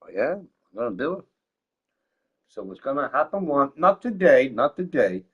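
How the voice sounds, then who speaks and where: Pijany, hałaśliwy mężczyzna na streamie, przeklinający i powtarzający się. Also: male voice, mid-range voice, big pitch swings, moderate pace, husky, highs cut off. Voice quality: loud, swinging between shouting and mumbling. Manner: swears a lot, laughs often, repeats himself. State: drunk. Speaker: gaming streamer. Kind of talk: rambling casual livestream chat.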